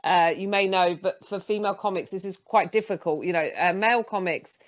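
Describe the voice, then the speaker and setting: A woman comedian, telling a halting, chatty bit on a studio panel show. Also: medium pitch, steady tone.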